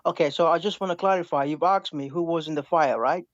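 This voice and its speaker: A man calling into a live debate over an online call, speaking in a hesitant, halting way and asking to keep things calm. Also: a little high, no echo. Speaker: caller in a debate. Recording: dry, dull lo-fi call audio.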